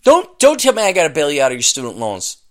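A man hosting a podcast, ranting scornfully and profanely at an article he reads aloud, often bursting into shouting. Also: on the high side, wildly swooping pitch, fast talker. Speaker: podcast host. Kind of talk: comedic rant reacting to a read-aloud article.

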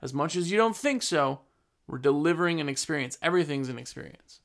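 A man who runs a trades business, giving blunt, emphatic business advice in a casual talk and slowing down to stress his points. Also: a little high, animated, gravelly, fairly bright tone. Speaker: business owner.

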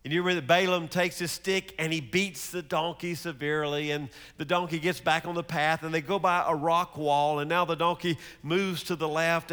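Storytelling pastor, booming then hushed. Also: male voice, smooth, long reverb tail. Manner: storytelling, with big swings between loud and hushed. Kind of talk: sermon.

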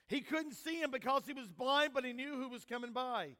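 An older man preaching a sermon as pastor. He swings between loud emphatic calls and quiet asides, and mixes scripture reading with homespun family stories. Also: very high-pitched, a little fast, few pauses. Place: church sanctuary. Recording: long church hall reverb.

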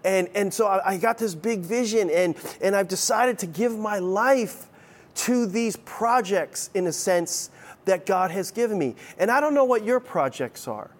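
A man's voice: sits high, animated, a little slow. A middle-aged man preaching a sermon as pastor, conversational and playful, with frequent restarts.

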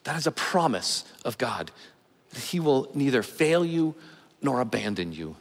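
A middle-aged male pastor preaching a sermon with measured, emphatic pauses. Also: mid-range voice, big pitch swings. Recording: long hall reverb.

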